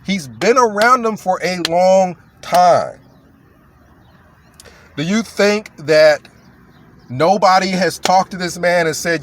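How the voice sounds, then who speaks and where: A man's voice: a little high, measured pace, a little hiss or hum. A man talking in a blunt, mocking, emphatic way as a commentator, in a casual rant.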